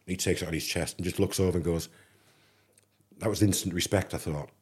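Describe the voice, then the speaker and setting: Husky low-voiced Englishman telling a story. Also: brisk. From England. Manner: animated anecdote teller, acts out dialogue. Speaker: podcast guest. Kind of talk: casual storytelling.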